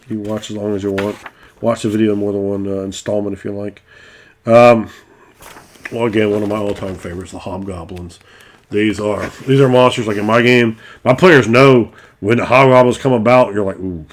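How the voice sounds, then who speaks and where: Against slight background noise, a middle-aged game master who also hosts videos chats in a lowish voice. His talk is loose and rambling, with frequent restarts and plenty of profanity.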